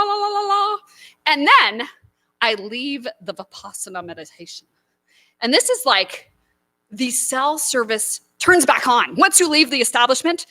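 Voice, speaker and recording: A woman's voice: high voice, bright, forceful tone. A woman performing a stand-up story on a small live stage, acting out her own inner voices. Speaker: stand-up comedian.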